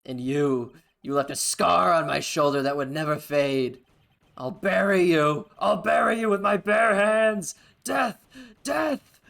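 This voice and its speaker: A man's voice: sits high, measured pace, creaky, fairly bright tone, pitched above the performer's own voice, exaggerated voice. A man voicing a vengeful elderly male prosecutor from a video game, working up to screamed threats. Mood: raging.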